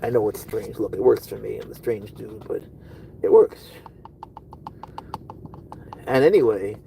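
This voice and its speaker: A man's voice: on the low side, a little slow, gravelly, mellow, a little hiss or hum, poor audio. A man streaming live, casually chatting with viewers and answering their comments in a rambling, curious way.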